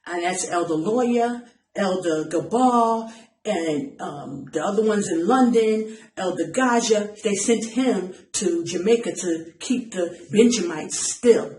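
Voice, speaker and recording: A woman's voice: medium pitch, slow pace, dark tone, reverberant, poor audio. A woman preaching an impassioned online message, urgent and pleading, repeating her phrases for emphasis. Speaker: self-styled preacher.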